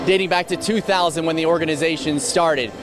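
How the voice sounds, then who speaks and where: A man reporting sports news for television with an upbeat, crisp delivery. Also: on the high side, fairly even intonation, a little fast, music in the background.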